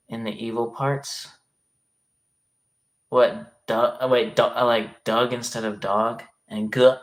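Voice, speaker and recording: A man's voice: medium pitch, fairly bright tone. A man chatting casually on a livestream, reading comments aloud in a rambling, hesitant way and swearing often.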